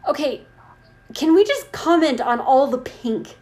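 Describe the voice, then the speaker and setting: A woman's voice: high-pitched, expressive, a little slow, darkish tone. Theatrical mock-exasperated woman. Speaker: podcast co-host. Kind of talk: comedic dramatic reading and banter.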